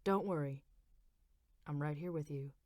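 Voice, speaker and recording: A woman reading a worried, comforting man's lines in a low, soft voice. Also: a little slow, dry recording. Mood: reassuring. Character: worried, comforting boyfriend, man.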